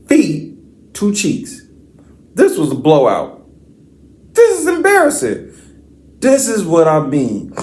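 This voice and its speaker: A man hosting a sports podcast, reading stats and then ranting with profane, slangy trash talk. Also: on the high side. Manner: reads stat lines in a flat list. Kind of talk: sports commentary rant.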